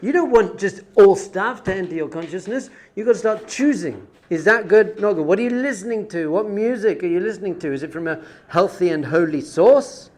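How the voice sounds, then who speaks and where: A man teaching a Torah class as a rabbi, animated and conversational, full of rhetorical questions. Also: sits high, a little fast.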